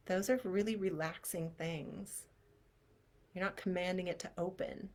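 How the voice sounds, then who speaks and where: A woman teaching as a clairvoyant energy healer, leading a guided visualization in a chatty, expressive way that drops to soft near-whispers. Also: fairly low pitch, measured pace.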